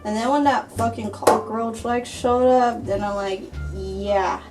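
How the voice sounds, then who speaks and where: A woman's voice: fairly high pitch, steady tone, moderate pace, over loud music, poor audio. A young woman giving a casual cooking tutorial in her home kitchen, chatty, crude and swearing freely, easily grossed out. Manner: easily disgusted, grumbling. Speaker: cooking vlogger.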